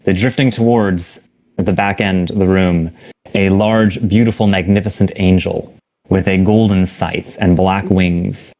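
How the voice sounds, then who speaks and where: A game master paints a dark scene for his players in relaxed, vivid detail. His voice sits very low. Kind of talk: descriptive narration of a tabletop game.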